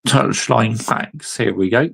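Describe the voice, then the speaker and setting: A man's voice: mid-range voice, slow, creaky, husky, poor audio. A young man hosting a casual football reaction chat, laid-back and amused. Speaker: host.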